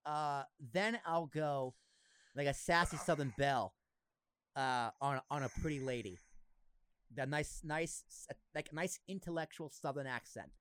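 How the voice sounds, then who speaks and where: A young man with a faded Boston accent, hosting a casual podcast chat, animated and quick to laugh and do impressions. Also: on the high side, clean tone. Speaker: podcast host.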